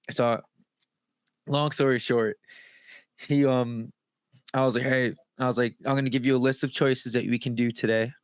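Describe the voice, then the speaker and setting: A man co-hosting a podcast who tells stories in a casual, joking way and throws in quick asides. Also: medium pitch, clear, resonant tone, no echo, studio quality. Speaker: podcast co-host.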